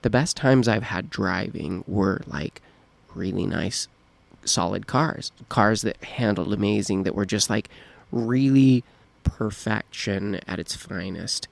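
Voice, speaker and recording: Gravelly low-voiced man musing casually. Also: slow pace, dry recording. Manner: laid-back, mulling things over with many fillers. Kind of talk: casual podcast chat.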